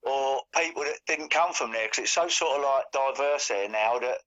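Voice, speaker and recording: A man's voice: mid-range voice, moderate pace, fairly bright tone. Rambling man, dull lo-fi sound. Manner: rambling, full of fillers. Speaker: co-host. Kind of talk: casual chat. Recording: dull lo-fi audio.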